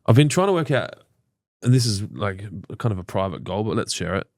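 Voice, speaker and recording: A man's voice: lowish voice, big pitch swings, brisk, darkish tone, dry recording, studio quality. Swearing, joking Australian man. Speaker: podcast co-host. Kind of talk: casual live chat.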